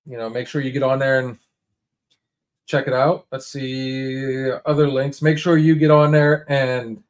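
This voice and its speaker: A man's voice: medium pitch, level tone, measured pace. A man hosting a casual livestream, talking straight to viewers in a laid-back, rambling way full of restarts and fillers. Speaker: livestream host.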